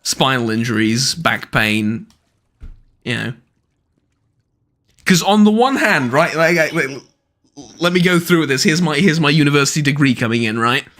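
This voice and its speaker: A man's voice: on the high side, expressive, moderate pace, pauses often, fairly bright tone. A man streaming a live let's-play, talking in a rambling, sarcastic, stammering way. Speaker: game streamer.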